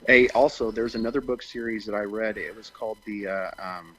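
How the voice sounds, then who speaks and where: A man's voice: fairly low pitch, fairly quick, crowd noise, poor audio. A man who is an actor, chatting as a guest on a podcast in a rambling, gushing way. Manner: rambling, gushing, many fillers. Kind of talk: casual interview chat.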